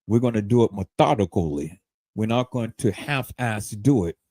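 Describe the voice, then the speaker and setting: Animated, profane man ranting on a livestream. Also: lowish voice, normal speed, dry recording. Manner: profane, heated, stammering repeats. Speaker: livestream host. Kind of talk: livestream rant.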